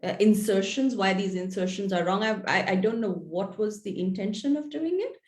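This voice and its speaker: A woman's voice: mid-range voice, normal speed, a little mellow. A woman author being interviewed, explaining things in an earnest, thoughtful way. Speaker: author guest. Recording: echoey room.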